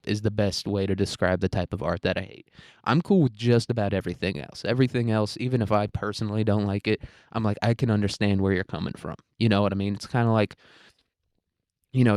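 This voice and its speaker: A man's voice: lowish voice, a little mellow, dry recording, studio quality. A young man ranting in a casual, profane, rambling monologue, full of restarts and blunt opinions. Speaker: podcast host.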